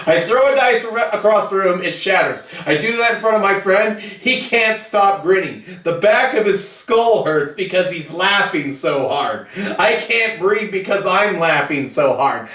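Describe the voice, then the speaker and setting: A man's voice: high-pitched, fairly bright tone. A man host ranting bluntly and profanely in a casual monologue about his tabletop hobby, in his basement hobby room. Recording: echoey room, far from the mic.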